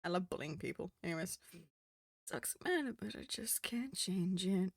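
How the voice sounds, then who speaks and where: A woman's voice: lowish voice, animated, normal speed, no echo, clean studio sound. A woman from New Zealand with a Kiwi accent, chatting casually on a stream and laughing often at herself. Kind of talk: casual stream chat while drawing.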